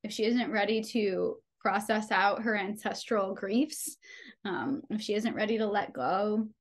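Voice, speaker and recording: A young adult woman, a podcast guest, telling a personal birth story with animated delivery, often laughing and acting out dialogue. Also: medium pitch, unhurried.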